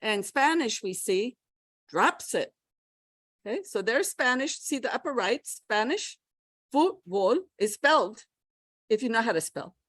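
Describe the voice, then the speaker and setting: A middle-aged woman giving a pronunciation workshop, lively and often checking in with her listeners. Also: fairly high pitch, measured pace, no room sound. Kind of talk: lecture to English teachers.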